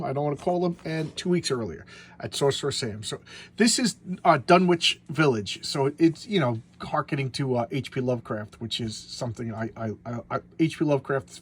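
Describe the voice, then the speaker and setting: A man with a medium-pitched voice gives casual show-and-tell commentary on a comic book, rambling, stumbling over words, restarting, and chuckling to himself. The recording carries a little hiss or hum.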